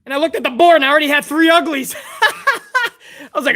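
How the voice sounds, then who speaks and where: A hoarse man hosting a live stream, chatting casually and profanely while reading out fan messages. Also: very high voice, brisk. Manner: profane, excitable, chummy.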